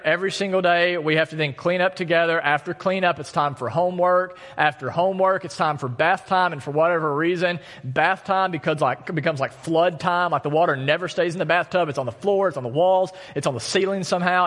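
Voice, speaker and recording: A man's voice: high-pitched, fairly quick, few pauses, fairly bright tone. A man in his thirties preaching a sermon as pastor, talking conversationally and telling stories with self-deprecating humor. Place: church sanctuary. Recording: long reverb of a church hall.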